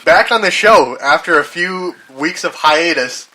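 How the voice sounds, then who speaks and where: A man's voice: on the high side, lively intonation, unhurried, sharp tone, poor audio. Laughing young male podcast host. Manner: laughs often, introduces guests playfully. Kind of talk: casual group podcast chat.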